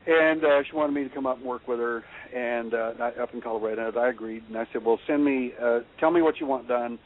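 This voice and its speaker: Man telling stories over a tinny phone line. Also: mid-range voice. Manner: halting, many fillers and restarts, chuckles while telling stories. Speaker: guest expert on handwriting analysis. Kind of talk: rambling anecdotal storytelling.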